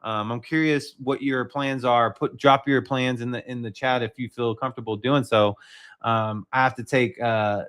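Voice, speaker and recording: A man's voice: medium pitch, steady tone, normal speed, fairly bright tone, clear, resonant tone. A man hosting a casual livestream, talking loosely with many fillers and restarts. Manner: rambling, filler-heavy, frequent restarts. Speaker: livestream host.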